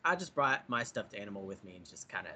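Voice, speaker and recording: A man's voice: fairly low pitch, very animated, quick pace, pushed and bright, slightly rough. A man co-hosting a podcast, chatting casually and joking about being a Bigfoot. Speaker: podcast co-host. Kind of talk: casual chat.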